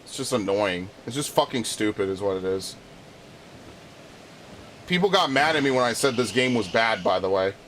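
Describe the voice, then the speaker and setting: A man's voice: medium pitch, animated, moderate pace, long pauses, fairly bright tone, a little hiss or hum. A man streaming a video game, chatting casually in a rambling, frustrated way, swearing often and restarting his sentences. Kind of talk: casual live-stream chat while playing.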